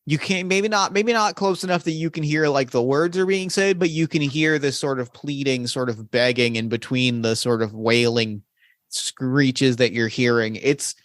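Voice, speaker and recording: A man's voice: mid-range voice, no echo. Guy gm narrating, lots of restarts, dry close sound. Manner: halting, full of restarts and fillers. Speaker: game master. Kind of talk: narrating a tabletop game.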